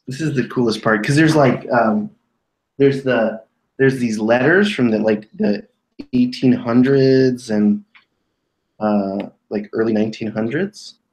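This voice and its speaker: A man's voice: mid-range voice, measured pace, a little mellow, low-quality recording. A man chatting casually on a live stream, joking and swearing as he shows off old items. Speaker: co-host showing items.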